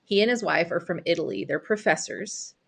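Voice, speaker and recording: A woman co-hosting a casual podcast, telling stories in an animated way with blunt, exasperated remarks. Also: fairly low pitch, fairly quick, creaky, breathy edge. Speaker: behavior analyst and podcast co-host.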